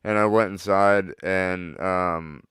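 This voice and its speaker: A man with a low, smooth, resonant voice tells a story in a casual chat. He leans on "like" and swears freely. The recording is dry and close. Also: takes it slowly, dry recording. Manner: animated storyteller, swearing, lots of "like".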